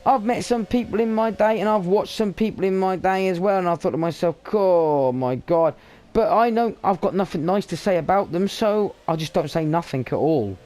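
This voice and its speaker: A man's voice: sits high, a little fast, hardly any pauses, darkish tone. A young British man with a gaming channel, rambling in casual, blunt chat full of swearing while he plays. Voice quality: swears freely, chatty, blunt. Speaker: gaming streamer.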